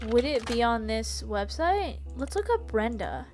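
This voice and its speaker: A woman's voice: fairly high pitch, big pitch swings, unhurried. A woman streaming a detective game, chatting with viewers, giggling and reading the game text aloud. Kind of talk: casual let's-play commentary. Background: faint background music.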